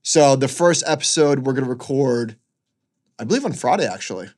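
A man co-hosting a casual finance podcast, relaxed, with dry asides and short replies. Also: medium pitch, fairly quick. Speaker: podcast co-host.

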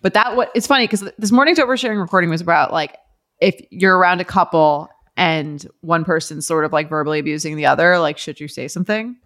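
A woman's voice: on the low side, fairly bright tone. A woman from Long Island co-hosting a casual podcast, chatty and loose, with lots of filler words. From Long Island, New York. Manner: chatty, lots of "like", quick laughs. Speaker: podcast co-host.

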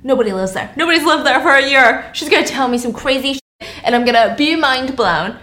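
A woman's voice: high voice, lively intonation, bright, forceful tone, roomy sound. A woman voicing an anxious young female makeup artist who stammers and fires off questions. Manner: rushed, stammering, pushy questions.

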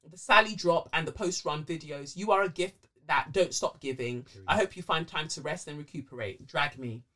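Bright-voiced woman podcast host. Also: deep voice, moderate pace. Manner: animated, swears freely, frequent um fillers. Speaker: podcast co-host reading listener letters. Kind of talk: casual podcast chat and letter reading.

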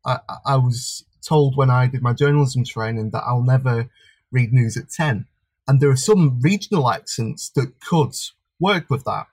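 A man's voice: mid-range voice, normal speed, darkish tone, husky, no echo. A man with a Blackburn Lancashire accent, a media worker and stage performer, answering casually in an interview with frequent stammered restarts.

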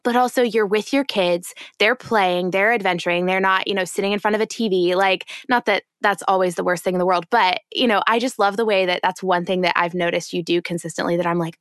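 A woman's voice: mid-range voice, fairly even intonation, brisk, hardly any pauses, a bit bright, no echo, studio quality. A woman hosting a casual interview, gushing with praise and drawing out her phrases. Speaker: podcast host.

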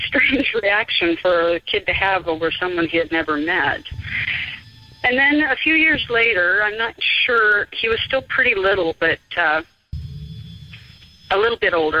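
A caller in their fifties, hesitantly telling a personal ghost story with many pauses and fillers. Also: mid-range voice. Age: 50s. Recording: dull phone line.

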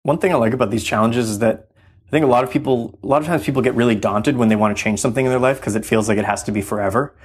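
Husky man talking fast and earnest. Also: mid-range voice. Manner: earnest, reflective, uses many fillers. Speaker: podcast guest. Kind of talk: casual conversation.

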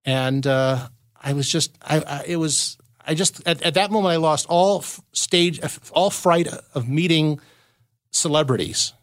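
Here the Southern California guest speaks at a measured pace in a fairly high pitch, recorded dry and at studio quality. He rambles through lengthy showbiz stories on a podcast, frequently breaking off and restarting his thoughts in relaxed, anecdotal conversation.

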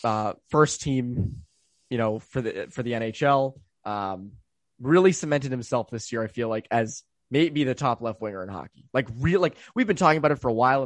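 Young man, podcast co-host, casual sports chat, rambling with fillers, mid-pitched voice, dry close sound. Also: no room sound. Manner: loose and rambling, many fillers.

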